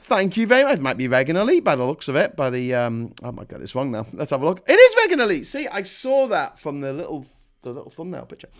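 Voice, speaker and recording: A man's voice: high-pitched, fairly bright tone. A man hosts a live stream and rants about politics, swearing heavily and getting heated. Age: 40s. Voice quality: profane, heated. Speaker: livestream host. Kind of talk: angry political rant.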